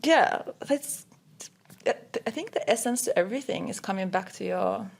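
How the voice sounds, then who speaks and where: A woman's voice: mid-range voice, lively intonation, normal speed, creaky. A woman co-hosting a podcast in casual chat, musing dreamily and filling her talk with "like". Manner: musing, dreamy, full of "like" fillers. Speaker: podcast co-host.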